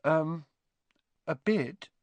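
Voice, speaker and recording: A man's voice: extremely high pitch, wildly swooping pitch, moderate pace, a bit bright, no echo, pitched above the performer's own voice, heavily acted. A man voicing a timid, faint-spoken young schoolgirl in a storybook reading.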